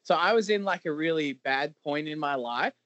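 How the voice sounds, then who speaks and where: Halting man with a slightly high voice. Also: a bit bright, lo-fi sound. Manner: halting, repeats words, many fillers. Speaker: professional wrestler guest. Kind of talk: candid interview talk.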